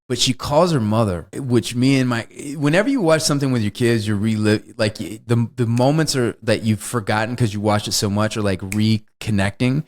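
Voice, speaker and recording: A man co-hosting a podcast, chatting casually about a movie, laughing often, swearing and acting out lines. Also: lowish voice. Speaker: podcast co-host.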